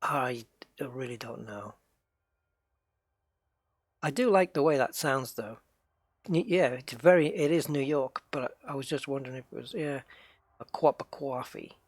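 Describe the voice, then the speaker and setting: A man's voice: medium pitch, normal speed, pauses often, no echo. A man with an English accent, a game streamer chatting casually with viewers during a live stream and musing aloud as he plays. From United Kingdom.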